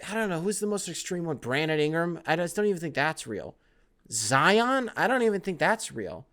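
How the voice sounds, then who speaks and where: Young guy ranting on his sports podcast, swears a lot, super lively up-and-down voice. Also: a little high, moderate pace. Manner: rambling, animated, profane, jumping between topics. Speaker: podcast host. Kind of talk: casual sports podcast chat.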